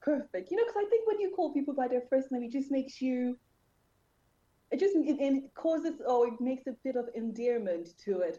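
A woman's voice: sits high, lively intonation, normal speed, mellow, highs cut off. A woman hosting an interview show, chatty and playful, joking about herself. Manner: chatty, playful, self-deprecating. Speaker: host. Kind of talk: casual interview chat.

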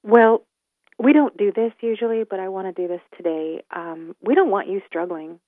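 A woman's voice: mid-range voice, normal speed, dry recording. Woman radio host, earnest and heartfelt, dry tinny line. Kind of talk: radio talk show.

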